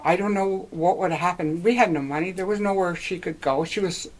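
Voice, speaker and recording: Older lady from northern ontario telling old stories, lowish voice, chatty and laughing. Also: a little fast, a little mellow, poor audio. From northwestern Ontario, Canada. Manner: reminiscing, rambling, laughs often. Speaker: interviewee. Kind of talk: casual oral-history interview.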